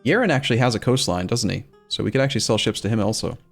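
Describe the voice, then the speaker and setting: A man's voice: medium pitch, expressive, rapid-fire, vocal fry, soft background music. A man streaming a strategy game, chatting casually as he plays, thinking aloud and answering his chat. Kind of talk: casual let's-play commentary.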